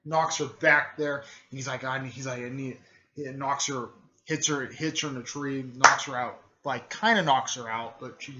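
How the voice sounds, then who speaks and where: A man's voice: mid-range voice, steady tone, moderate pace, a crowd in the background. A young man casually narrating a fan story, rambling with many fillers and self-corrections. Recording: muffled lo-fi recording.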